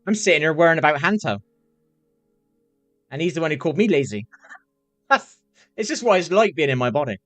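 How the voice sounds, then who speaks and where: A man talks casually to his live-stream viewers, wandering from thought to thought and dropping swear words. His voice sits a little high. The sound is dry and close, with faint music underneath. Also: animated, a little fast, pauses often, a bit bright, no room sound. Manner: rambling, swears often, repeats himself while reading chat.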